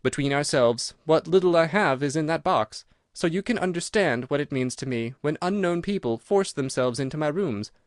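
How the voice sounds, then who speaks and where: A man's voice: on the high side, animated, normal speed, hardly any pauses, no room sound, studio quality, natural voice. A man voicing a nervous, fat older man with a reedy, quivering voice in an audiobook. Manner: jittery, pleading.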